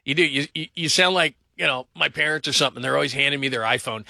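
A man hosting a call-in sports radio show, talking in an energetic, rambling way. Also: on the high side, quick pace, vocal fry, few pauses, no echo. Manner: energetic, rambling, mimics people in voices.

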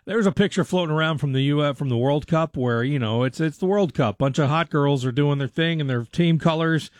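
A male radio host in casual studio banter who chats freely, laughs a lot, and jumps up in pitch when he gets worked up. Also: fairly quick, no room sound.

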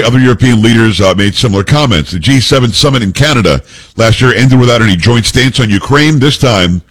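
A man hosting a talk radio show, reading news reports aloud and giving blunt, opinionated commentary. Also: medium pitch.

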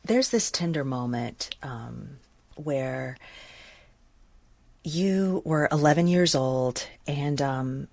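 A woman interviewing a guest, asking calm questions and introducing clips. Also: a bass voice, takes it slowly, gravelly, no echo.

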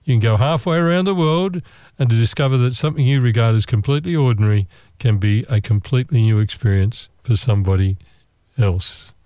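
Mellow Australian man telling a travel tale. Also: medium pitch, fairly quick, a little hiss or hum. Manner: meandering, chatty, with frequent restarts and asides. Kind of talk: relaxed travel anecdote monologue.

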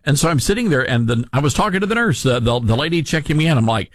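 A man's voice: a little high, lively intonation, fast talker, hardly any pauses, no room sound, clean studio sound. A man hosting a podcast, telling a rambling, self-deprecating story in a casual chat. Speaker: podcast host.

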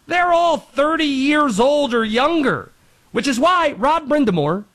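Lively, high-pitched sports talk host. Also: male voice, a little slow. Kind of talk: scripted sports commentary.

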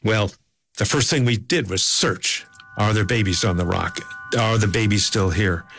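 A man calmly recounting field observations as a guest, with a wry, gently laughing manner. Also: fairly low pitch, normal speed, slight background noise. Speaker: guest scientist. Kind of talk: storytelling interview.

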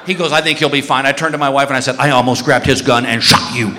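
A man's voice: medium pitch, fast talker, big-room sound, heavy background noise. A man doing stand-up storytelling on stage, acting out the voices of the people in his story. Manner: animated, acts out dialogue in shifting voices. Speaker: stand-up comedian. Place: comedy stage with live audience.

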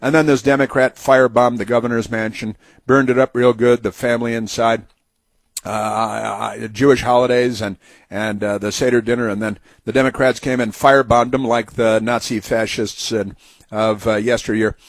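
A man's voice: medium pitch, little pitch movement, normal speed, dry recording. Male talk radio host, sarcastic, mocking, rambling with fillers, dry close mic. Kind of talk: opinionated talk radio commentary.

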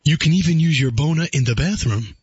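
A man voicing a robotic, relentless male phone salesman who recites a scripted sales pitch and ignores every reply. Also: fast talker, breathy edge, dry recording, highs cut off. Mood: droning salesman. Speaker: prank caller.

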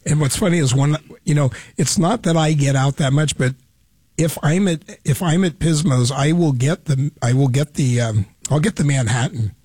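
A man hosting a radio talk show, telling stories in a lively, chatty way. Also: on the high side, normal speed, husky, no echo. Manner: animated storyteller. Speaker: radio host. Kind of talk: casual radio chat.

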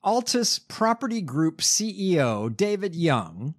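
A man's voice: fairly high pitch, sing-song, a little slow. A man from the United States hosting a casual comedy chat, reading news items aloud with a wry tone. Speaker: podcast host.

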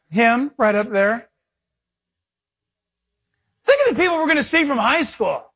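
A male pastor preaching a sermon, animated and acting out little dialogues. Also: very high voice, moderate pace, pauses often.

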